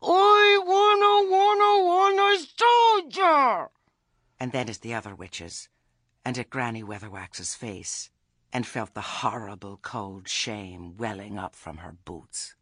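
A man narrating a comic fantasy story with a wry, expressive reading. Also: lowish voice, a little slow, breathy edge, no echo. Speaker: audiobook narrator.

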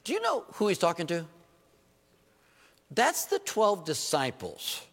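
Pastor guy preaching, kinda high voice, big echoey church, lots of questions to the crowd, jokes on himself. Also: a little slow. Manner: animated preaching with rhetorical questions and self-deprecating humor. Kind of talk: sermon. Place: church sanctuary. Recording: long reverb of a church hall.

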